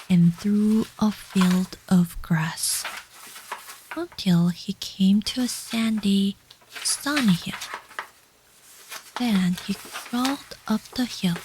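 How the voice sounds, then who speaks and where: A woman telling a bedtime story in a soft, unvoiced whisper, as whispered role-play. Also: medium pitch, a little hiss or hum, low-quality recording. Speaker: ASMR storyteller.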